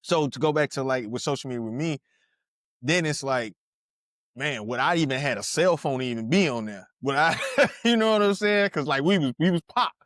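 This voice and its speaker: A man's voice: on the high side, expressive, a little fast, a bit bright, dry recording, clean studio sound. A man in his thirties, a podcast co-host, telling stories in casual chat with slang, laughter and frequent restarts.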